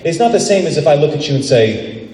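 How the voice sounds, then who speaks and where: Animated guy explaining acting on a convention panel, lively pitch, big echoey hall heard from far back. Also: very fast, noisy background. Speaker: voice actor and acting teacher. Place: large convention panel room.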